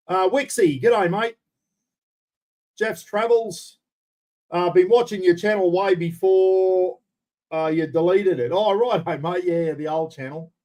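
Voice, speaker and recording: A man's voice: a little high, a little mellow. Laid-back Australian man on a livestream. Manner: laid-back and chatty, greeting viewers by name. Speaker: livestream host. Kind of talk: casual live chat reading out viewer names. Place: indoor room at home.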